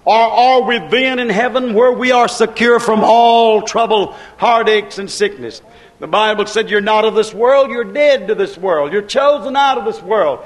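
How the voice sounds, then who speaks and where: A man preaching a sermon in a rhythmic, repetitive cadence, drawing out his stresses and rising to shouts. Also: very high-pitched. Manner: preaching with slow, drawn-out stresses and shouted peaks.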